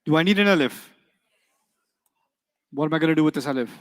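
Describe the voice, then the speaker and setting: A man teaching an Arabic grammar class, quizzing his students with quick rhetorical questions in a playful, teasing way. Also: a little high, in a large hall.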